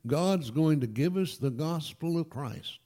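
Man, pastor, lively sermon, mellow voice, folksy asides. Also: a little high, unhurried. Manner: animated, emphatic, with folksy asides. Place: church.

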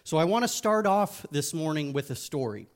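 A man's voice: a little high, lively intonation, normal speed. A man giving a casual sermon as a youth pastor, joking and speaking frankly.

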